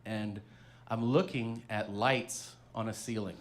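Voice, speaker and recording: A man doing stand-up, telling a long personal story in an animated way and acting out other people's lines. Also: on the low side, slow. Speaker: stand-up comedian.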